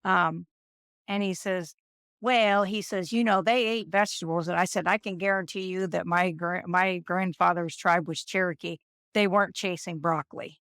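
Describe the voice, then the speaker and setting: A woman in her fifties, a nurse, telling stories in an interview and acting out the people she quotes in an animated way. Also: fairly low pitch, normal speed, clean tone, dry recording, studio quality. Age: 50s. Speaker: nurse and guest. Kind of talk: storytelling interview.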